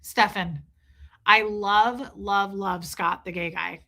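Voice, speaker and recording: Bright, gushing woman streamer chatting. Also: medium pitch, steady tone, takes it slowly, gravelly. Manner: gushing, enthusiastic, rambling with restarts. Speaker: live streamer. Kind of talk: casual chat reading out viewer comments.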